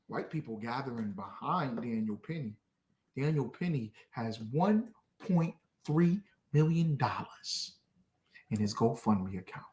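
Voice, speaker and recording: Man, fiery preacher, lively pitch swings, echoey recording. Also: measured pace. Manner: fiery, swings from shouting to low muttering. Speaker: street preacher.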